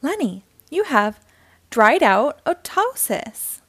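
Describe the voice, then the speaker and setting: A woman's voice: sits high, sing-song, takes it slowly, fairly bright tone, no room sound, full character voice. A woman voicing a cheerful young girl who plays toy doctor, eager and caring.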